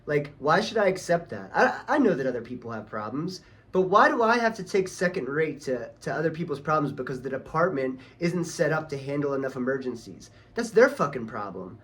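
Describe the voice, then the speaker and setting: Man, angry swearing rant, casual vlog talk, slightly high voice. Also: very animated, brisk, few pauses, a bit bright. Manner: profane, heated, ranting. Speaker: vlogger.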